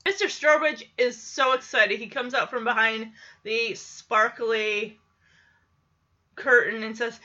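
A woman retells a show in a chatty, giggly way, with a high, bright voice. She talks casually and animates the story as she goes. The recording sounds dull and lo-fi. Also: fairly even intonation, takes it slowly. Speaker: show recapper. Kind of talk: casual recap chat.

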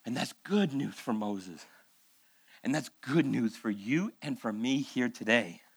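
A man's voice: mid-range voice, animated, measured pace, husky, dry recording. A male pastor preaching a conversational sermon, firing off rhetorical questions and acting out the voices he quotes, after months of illness. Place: church.

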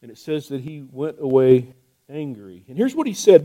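A man preaching a sermon, asking rhetorical questions and restarting phrases, swinging between loud pleas and soft asides. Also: on the high side, lively intonation, moderate pace. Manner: repeats words and restarts phrases. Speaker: pastor.

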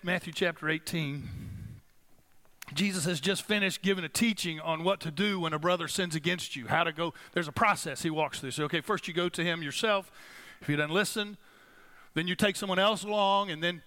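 A man delivers a sermon as the pastor, his voice sitting high and sounding clear and bright. He talks to the congregation in a relaxed, conversational way. He slows down and stresses the phrases he wants to land. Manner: conversational, emphatic preaching with slowed, stressed phrases.

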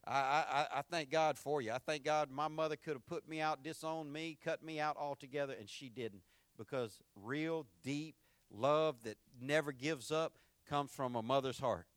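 A middle-aged pastor delivers a sermon, telling stories with animation and swinging between loud, punchy lines and hushed, tender ones. His voice sits on the high side at normal speed, in a dry recording.

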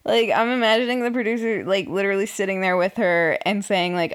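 A woman's voice: medium pitch, a little fast, hardly any pauses. A young woman hosting a casual podcast, sarcastically recapping a reality show with frequent swearing and laughter. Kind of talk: casual chat.

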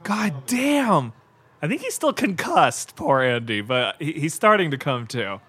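Podcast host, male, average pitch, excitable live movie commentary, casual and profane. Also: moderate pace. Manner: excitable, reacts aloud with frequent laughs and exclamations; casual and profane, with lots of fillers like "like" and "God".

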